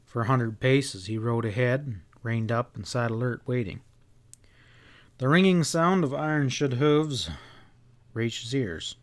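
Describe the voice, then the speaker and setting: A man reading a western novel aloud as an audiobook narrator, in steady storytelling. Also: medium pitch, a little slow.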